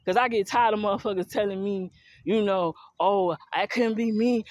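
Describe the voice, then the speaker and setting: A woman's voice: mid-range voice, moderate pace, a little mellow, dry recording. A woman telling a personal story in a casual monologue, blunt, heated and profane, with an African American Vernacular English accent and speaking straight to her listeners. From US South and Philadelphia.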